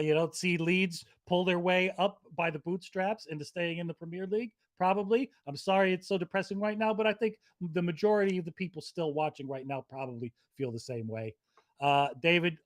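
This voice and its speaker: A man with a slightly raised pitch, heard close and dry with no room sound. He co-hosts a fan watchalong, weary and sardonic, joking his way through disappointment. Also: no room sound. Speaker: co-host. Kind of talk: live football watchalong chat.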